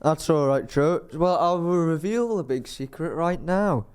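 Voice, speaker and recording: A podcast co-host tells a rambling story in casual chat, acting out what people said. His voice sits a little high, with a measured pace and a clear, resonant, slightly mellow tone.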